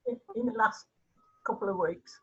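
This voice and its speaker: An older woman with a Birmingham accent talks in a lively, rising and falling voice. It is slightly husky and comes through a dull, lo-fi video call. She chats in a relaxed, reflective way. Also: medium pitch, normal speed, faint music behind. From Birmingham, England. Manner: chatty and reflective. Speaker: online class participant. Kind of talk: casual chat.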